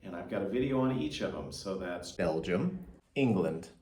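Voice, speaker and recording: A man's voice: low voice, expressive, moderate pace, a little mellow, recorded from a distance. A man with an American accent narrating a casual travel vlog in a chatty, self-deprecating way, recorded in an echoey room with the mic set back. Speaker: travel vlogger. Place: echoey room above a karaoke bar.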